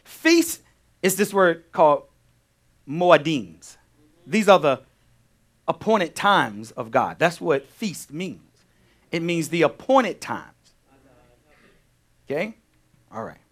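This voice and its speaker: A male pastor teaching a sermon, animated, repeating key phrases and firing questions at his congregation. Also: on the high side, slow, pauses often.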